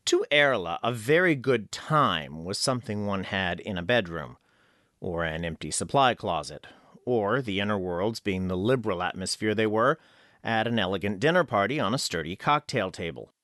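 A man with a voice on the low side reads an audiobook with expressive storytelling, speaking at normal speed. The studio recording is dry and clean.

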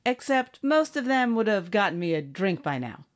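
A woman's voice: mid-range voice, very animated, moderate pace, natural voice. A woman voicing a brash, snappish spacefaring bosun. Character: tough, blunt young woman ship's bosun. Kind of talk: audiobook character acting.

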